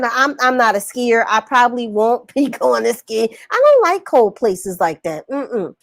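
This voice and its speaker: A woman business coach, recovering from illness and on antibiotics, gives a casual, preachy motivational livestream, reading viewer comments and calling them y'all. Her slightly high, creaky voice is animated and colloquial, at normal speed with few pauses and no echo.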